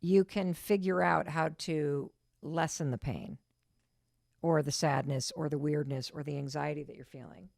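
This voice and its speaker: A woman's voice: low-pitched, fairly even intonation, moderate pace, gravelly, a little mellow, dry recording, clean studio sound. A middle-aged woman hosting a podcast, talking in an earnest, reassuring and emphatic way. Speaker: podcast host. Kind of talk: casual podcast conversation.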